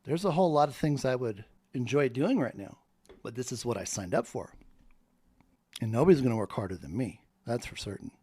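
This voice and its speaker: A man's voice: mid-range voice, lively intonation, brisk, mellow, husky, dry recording. A man in a fervent, preacher-like monologue that rambles from point to point. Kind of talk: spoken monologue.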